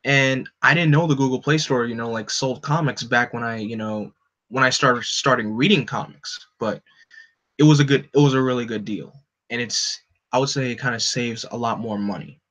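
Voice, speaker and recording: A man's voice: mid-range voice, fairly even intonation, normal speed, a bit bright. Rambling casual man. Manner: rambling, full of restarts. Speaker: reader and host of a comic live read. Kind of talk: casual chat. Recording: dull lo-fi recording.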